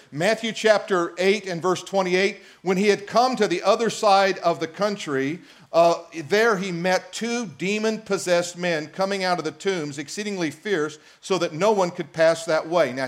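A man preaching a sermon as a pastor, reading scripture aloud and joking with the congregation in an animated way. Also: high voice, normal speed, hardly any pauses.

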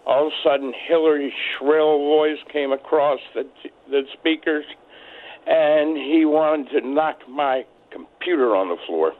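A man's voice: fairly high pitch, measured pace. A man from Maryland calling in to a radio talk show, telling his story in a rambling, hesitant way with lots of fillers. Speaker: caller. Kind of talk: phone-in call to a talk show. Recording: tinny phone line.

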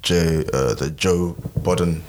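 A low-voiced man hosts a podcast and puts questions to his guests, pausing often with fillers as he goes. A faint noise sits under his voice. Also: fairly even intonation, a little mellow. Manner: hesitant, filler-heavy questions. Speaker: podcast host. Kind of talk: casual podcast chat.

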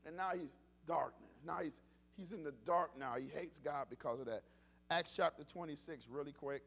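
A pastor delivering a casual, animated sermon, often repeating himself and restarting phrases. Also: male voice, a little high, gravelly. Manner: animated, conversational preaching with repetitions and restarts.

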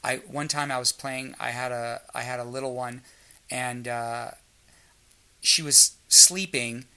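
Man, casual storyteller, bright tone, plays out each quoted line. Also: medium pitch, fairly even intonation, unhurried, clear, resonant tone. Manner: storytelling, acts out quoted dialogue. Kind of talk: frank casual chat.

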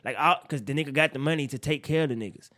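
A young man co-hosting a casual chat, animated and profane with loud outbursts, sounding tired. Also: a little high, racing. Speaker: podcast co-host.

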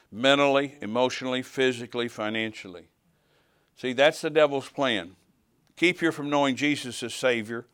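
Preaching with testimony from his ministry, an older man speaks in a smooth, resonant voice of medium pitch. He brings his stories to life by acting out the dialogue, rising to shouts at the big moments, all in a close, dry recording.

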